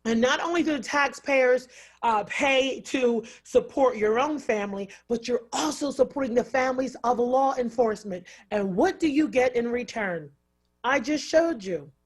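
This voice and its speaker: Assertive activist woman, husky voice. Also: fairly high pitch, moderate pace. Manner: assertive, dramatic reveals, rhetorical questions. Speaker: political activist guest. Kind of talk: radio interview.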